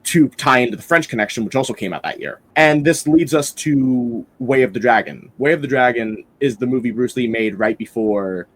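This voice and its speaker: A man's voice: mid-range voice, moderate pace, few pauses. A man hosting a casual film-review podcast, rambling enthusiastically with lots of fillers and restarts.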